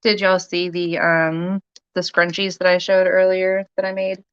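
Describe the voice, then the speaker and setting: A woman runs a relaxed livestream jewelry sale, greeting viewers by name between frequent ums. Her voice is smooth and a touch low. The recording is dry, close and slightly dull. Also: a little slow, no echo. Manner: chatty, many ums, thanks viewers by name. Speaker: live-sale jewelry seller. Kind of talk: casual livestream selling.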